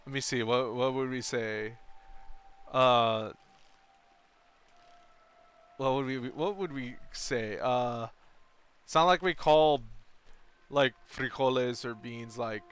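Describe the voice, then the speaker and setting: A man's voice: medium pitch, fairly bright tone, clean tone. Giggly, rambling male streamer. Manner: rambling, joking, giggly, talks to chat. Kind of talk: casual live-stream chat while playing a game.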